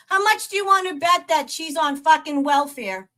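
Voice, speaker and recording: Hosting a live stream, this woman rants at a troll, swearing, mocking and laughing between her jabs. Her voice is high, pushed and bright, and she keeps a measured pace.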